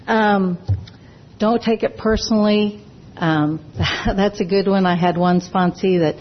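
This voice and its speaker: A woman speaking at a recovery meeting, sharing her own story earnestly and haltingly, often restarting her sentences. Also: medium pitch. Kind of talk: personal sharing talk. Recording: dull lo-fi recording.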